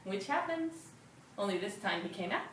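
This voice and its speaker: A woman telling a folk tale live to an audience, with a rhythmic, repetitive, expressive delivery. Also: medium pitch, normal speed, a little hiss or hum. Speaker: storyteller. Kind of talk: live oral storytelling. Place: storytelling venue before an audience. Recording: roomy live room from a distance.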